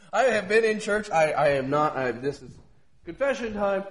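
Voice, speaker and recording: A man with a strikingly high voice preaches in a loose, devotional style. His tone is scratchy, and he swings from quiet, confiding asides to shouted emphasis. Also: measured pace. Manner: animated, swinging from hushed to shouting, laughing often. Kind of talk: informal devotional talk.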